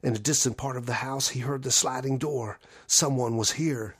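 A man narrating a horror story in a measured, low-key way. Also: fairly even intonation, a bit bright, husky.

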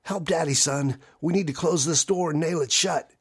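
A man's voice: a little high, normal speed, slightly rough, pitched above the performer's own voice. A man voicing a frightened father calling out urgently to his young son.

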